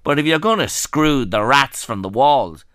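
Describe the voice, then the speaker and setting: An Irish man hosting a radio show, chatting in an animated, joking way with quick asides. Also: mid-range voice, no echo, clean studio sound. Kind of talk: casual radio chat. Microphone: studio microphone.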